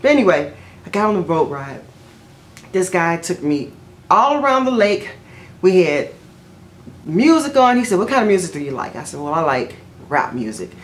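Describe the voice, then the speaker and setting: A woman's voice: big pitch swings, normal speed, long pauses, slight background noise. Chatty woman vlogger telling a story. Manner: chatty, rambling, with fillers and self-corrections; jumps high in pitch when quoting herself. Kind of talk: casual storytelling to camera.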